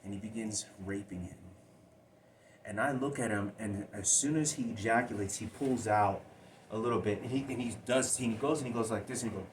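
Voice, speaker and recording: A man telling a personal story in a halting, agitated way, with many restarts. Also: on the low side, a little hiss or hum. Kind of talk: personal spoken monologue.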